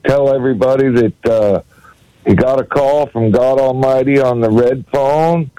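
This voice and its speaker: A man's voice: mid-range voice, moderate pace, mellow, clean tone, no room sound, rough recording. A man calling in to a radio talk show who talks in an offhand, joking way. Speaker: caller.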